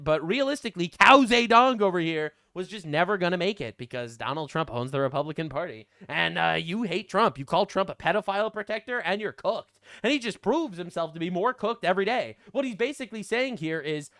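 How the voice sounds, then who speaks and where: A man giving sarcastic, mocking reaction commentary, swearing and swinging between loud outbursts and low asides. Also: no room sound, studio quality.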